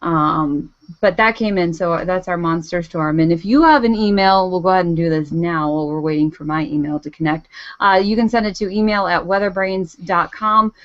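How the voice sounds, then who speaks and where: A woman's voice: lowish voice, normal speed, dry recording, highs cut off. Self-deprecating woman co-hosting a podcast. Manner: self-deprecating, laughs easily. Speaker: co-host. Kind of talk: casual podcast chat.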